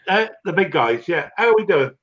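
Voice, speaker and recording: A man's voice: sits high, sing-song, fairly quick. A man with a slightly raised voice hosts a casual live stream, greeting viewers one by one in a rambling, chummy way. He trips over names as he goes. The audio is dull and lo-fi. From Britain. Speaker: livestream host.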